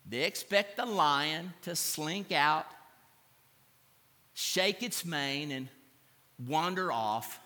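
Animated preacher in a reverberant hall. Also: male voice, high-pitched. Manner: dramatic storytelling, acting out crowd reactions; asks the congregation to repeat after him. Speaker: pastor. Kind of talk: sermon. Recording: long reverb of a large hall.

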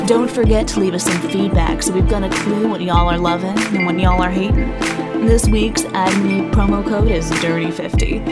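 A woman hosting a podcast, reading an ad and signing off in a brash, profane, playful way. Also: on the low side. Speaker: podcast host. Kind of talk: casual show outro and ad read. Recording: voice over loud hip hop music.

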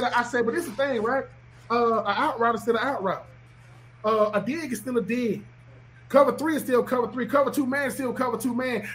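A man, a former football player talking on a podcast in an emphatic, preachy way, often repeating himself. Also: very high voice. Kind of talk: animated podcast talk.

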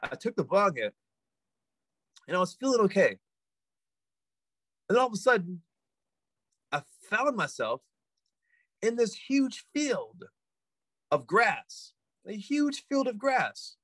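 A man's voice: sits high, very animated, slow, long pauses, a bit bright, no echo, pitched above the performer's own voice, full character voice. A man voicing his friend, a shaken young man recalling a vision of the world ending, retold in an awed, breathless way. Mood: awed, panicked.

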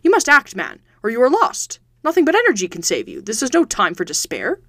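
A woman voicing a brisk, commanding male detective who speaks urgently and insistently. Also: mid-range voice, no echo, natural voice.

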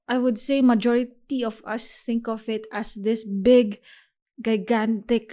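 Mellow-voiced young woman musing on a podcast. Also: fairly high pitch. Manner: thoughtful, unhurried, with small restarts. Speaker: podcast host. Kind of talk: solo reflective podcast talk.

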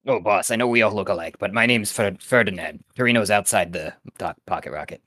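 A man's voice: fairly low pitch, brisk, fairly bright tone, no room sound, clean studio sound, natural voice. A man voicing a nervous male cricket servant who pleads with his boss. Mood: correcting. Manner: flustered, pleading. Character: nervous male cricket underling, eager to please.

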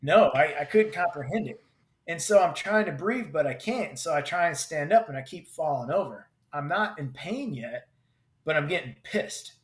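A combat veteran telling a personal story in vivid, halting bursts with many restarts. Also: male voice, on the high side, expressive. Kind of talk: personal story told in conversation. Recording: roomy echo.

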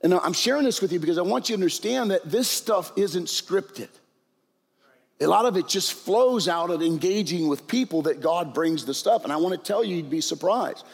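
A man's voice: sits high, expressive, moderate pace, gravelly, slightly rough, long reverb tail. An older man telling stories in a sermon, talking conversationally and checking in with the listeners often. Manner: conversational, frequent "right?" and "okay?" asides. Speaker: preacher. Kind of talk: sermon storytelling.

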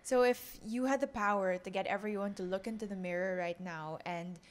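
A woman's voice: medium pitch, fairly quick. Friendly woman podcast host, lots of "like". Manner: friendly, filler-heavy, many "like"s. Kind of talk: casual interview questions.

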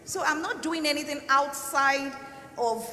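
Woman panelist, bright forceful tone, emphatic and earnest; echoey hall recording. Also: high-pitched, measured pace, slight background noise. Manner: emphatic, earnest, repeats points. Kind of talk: panel discussion answer. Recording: echoey hall, faint ambience.

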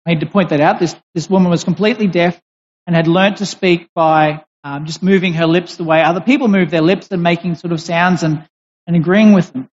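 Preacher, deliberate emphatic sermon, mid-range voice, long hall reverb, dull muffled recording. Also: mid-range voice, fairly even intonation. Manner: deliberate, emphatic, with pauses and restarts.

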